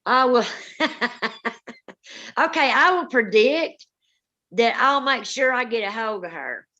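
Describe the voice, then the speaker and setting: A woman's voice: on the high side, lively intonation, slow, bright, forceful tone, lo-fi sound. A woman, co-hosting a paranormal live stream, telling rambling family stories with many restarts. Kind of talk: casual live-stream storytelling.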